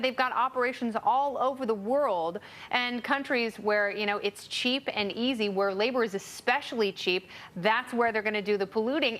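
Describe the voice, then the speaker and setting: A woman's voice: a little high, a bit bright. A woman co-hosting a talk show, delivering news and comic segments in a sarcastic, jokey way. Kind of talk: snarky comedic segment hosting.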